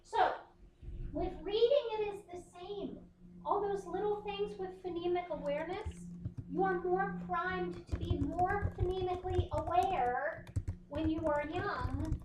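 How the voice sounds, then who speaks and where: A woman's voice: high-pitched, reverberant, noisy background. A woman instructor giving a conversational classroom lecture, often checking in with her students. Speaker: university instructor.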